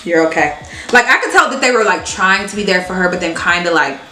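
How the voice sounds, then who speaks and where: A young woman tells a dramatic storytime in casual slang, with a bright voice that keeps climbing as the story builds. The room around her has a noticeable echo. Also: mid-range voice, lively intonation, quick pace, soft background music. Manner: dramatic, slangy, laughs while telling. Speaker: vlogger telling a story. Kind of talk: animated storytime.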